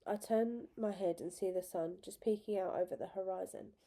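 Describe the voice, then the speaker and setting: A woman narrates a story aloud in a heartfelt, expressive way. Her voice sits at a middle pitch, with a dark and mellow tone. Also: normal speed. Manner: expressive, emotional reading. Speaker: reader.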